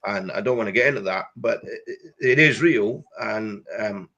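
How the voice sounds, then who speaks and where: Gravelly Scottish man, halting. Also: lowish voice, bright, forceful tone, dull audio. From Scotland. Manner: hesitant, halting, repeats words. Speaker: guest, local politician. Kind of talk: political interview.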